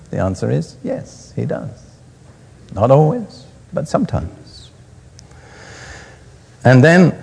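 Gravelly-voiced man preaching in a reverberant hall. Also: medium pitch. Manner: reads scripture aloud then explains it plainly. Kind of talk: recorded sermon teaching. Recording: archival sermon recording in a reverberant hall.

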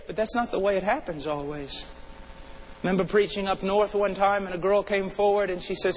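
Male preacher, high register, fervent sermon delivery swinging between urgent and hushed. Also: steady tone, fairly quick, rough recording.

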